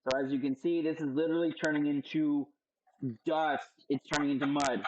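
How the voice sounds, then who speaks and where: A man's voice: a little high, fairly quick, highs cut off, slight background noise. A young man casually talking through a cooking demo, playful and joking, swearing freely. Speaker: cooking show host.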